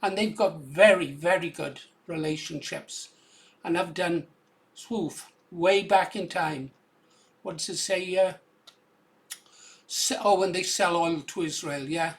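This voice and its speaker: A man's voice: on the high side, takes it slowly. A man with an English accent giving casual, conversational commentary on video clips, often adding "yeah?" to his points. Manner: conversational, tag questions like "yeah?".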